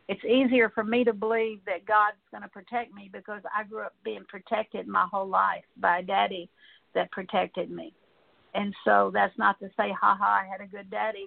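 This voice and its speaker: A woman gives a Bible teaching and then leads a prayer, working steadily through a long list of petitions. Her pitch barely moves and she keeps to a flat, even tone. The sound is thin and tinny, like a phone line. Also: gravelly, dry recording. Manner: reads Psalms aloud and prays in a long repeated list, with ums and uhs. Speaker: Christian teacher.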